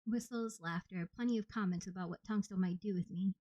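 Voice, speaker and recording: A woman reads an audiobook in the first person in a mellow, steady voice. The recording is dry and a little dull, with no room sound. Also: mid-range voice, a little fast, no room sound. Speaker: audiobook reader.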